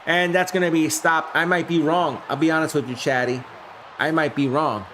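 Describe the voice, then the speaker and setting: A man's voice: a little high, steady tone, moderate pace, fairly bright tone, a little hiss or hum. A man streaming play-by-play of a simulated game, jumping up on big plays and chatting loosely with viewers. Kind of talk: live-stream play-by-play with chat replies.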